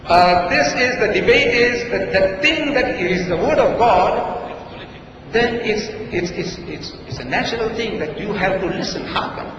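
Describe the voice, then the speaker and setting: A man's voice: high-pitched, animated, a little slow, a bit bright, slight background noise. Sarcastic man speaking in an echoey hall. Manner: sarcastic, emphatic, rhetorical questions. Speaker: debater. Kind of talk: public debate speech. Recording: distant echoey hall recording, lo-fi.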